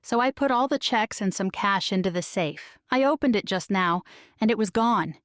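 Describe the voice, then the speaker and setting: A woman's voice: mid-range voice, animated, moderate pace, dry recording, studio quality, lightly acted. A woman voicing a tearful middle-aged baker. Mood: upset. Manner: weepy, hiccuping, distraught.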